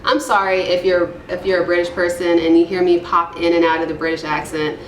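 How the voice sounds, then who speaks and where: A woman's voice: on the low side, level tone, fairly quick, reverberant, slight background noise. A woman giving casual, irreverent commentary while reading forum posts aloud, with rambling, self-deprecating asides. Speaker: YouTube commentator.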